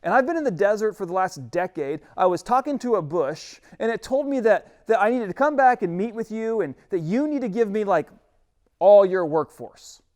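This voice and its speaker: Man putting on a whiny Moses, nervous, pleading, fairly high voice, sermon retelling. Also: animated, moderate pace, darkish tone. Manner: pleading, higher-pitched, stressed. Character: anxious whining Moses, grown man, full of excuses.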